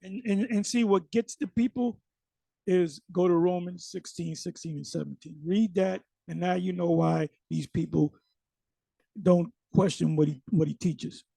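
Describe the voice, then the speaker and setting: A man's voice: high-pitched, unhurried, vocal fry, mellow, breathy edge, dry recording. A man giving casual, emphatic commentary on a sermon video. He often repeats words and uses slang.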